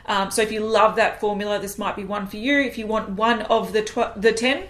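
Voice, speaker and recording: A woman's voice: mid-range voice, steady tone, brisk, fairly bright tone. A woman co-hosting a casual makeup chat, frank and chatty with many ums. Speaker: beauty co-host. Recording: roomy echo.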